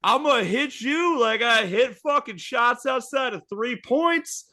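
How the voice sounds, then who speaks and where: A man putting on a high, brash voice as a trash-talking female athlete. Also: animated, takes it slowly, full character voice. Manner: loud, high-pitched, swaggering.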